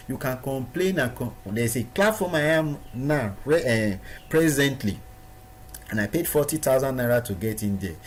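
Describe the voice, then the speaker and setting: A man's voice: mid-range voice, a little hiss or hum. A man giving a recorded training lesson to his students, stressing points by repeating words. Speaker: online business trainer.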